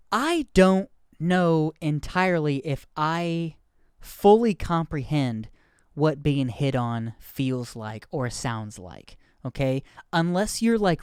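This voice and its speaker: A man's voice: fairly high pitch, darkish tone, smooth, dry recording, clean studio sound. A man in his thirties hosting a podcast, rambling candidly and poking fun at himself in casual chat. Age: 30s. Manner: rambling, candid, self-deprecating. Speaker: podcast host.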